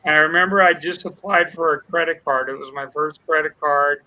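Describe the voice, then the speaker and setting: A man's voice: on the high side, steady tone, brisk, highs cut off. An older man, a guest, telling an emotional personal testimony, acting out the dialogue as he goes. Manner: earnest storyteller acting out dialogue.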